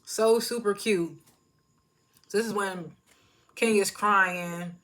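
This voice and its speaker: A woman's voice: mid-range voice, fairly even intonation, slow, a bit bright. A woman giving a casual, rambling recap of a reality show, loose and slangy, often laughing at herself. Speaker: TV show reviewer. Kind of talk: casual chatty recap commentary.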